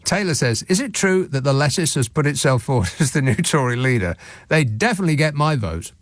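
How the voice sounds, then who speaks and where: A male radio phone-in host talking in a sardonic, mocking, quick-witted way. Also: medium pitch, sing-song, dry recording, clean studio sound. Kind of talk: casual radio chat. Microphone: studio microphone.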